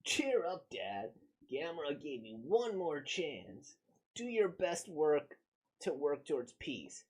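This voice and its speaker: Man doing a high-pitched earnest boy, hopeful and pleading, comic-reading voice. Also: big pitch swings, takes it slowly, slightly rough, heavily acted. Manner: bright pleading encouragement.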